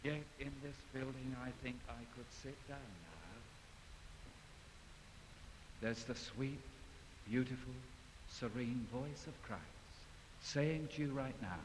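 A man preaching a sermon in a large hall, dramatic, swinging from loud passages to hushed ones. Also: mid-range voice, animated, slow pace, long pauses. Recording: long hall reverb, faint hiss.

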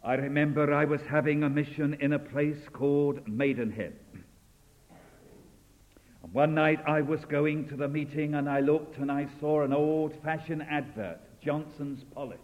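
A fairly high-voiced man delivers a fervent sermon, surging to loud declarations and dropping to hushed appeals. The sound is dull and lo-fi, and it rings with the long reverb of a large hall. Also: a little slow. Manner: fervent, rising and falling dramatically. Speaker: preacher.

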